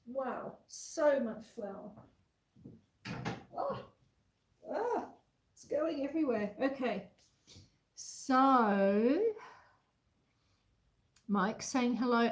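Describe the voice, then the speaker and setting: A woman's voice: a little high, roomy sound, poor audio. An Australian woman hosting a casual live-stream baking chat from her home kitchen. She is chatty and self-deprecating, and she reads viewers' messages aloud while she cooks.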